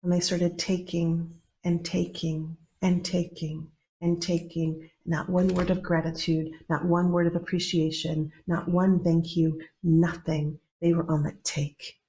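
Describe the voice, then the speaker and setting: A woman telling a myth in a relaxed, conversational way, with restarts and playful asides. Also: lowish voice, unhurried. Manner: conversational, playful, with many restarts and animated quoted voices. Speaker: storyteller. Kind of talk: oral mythtelling.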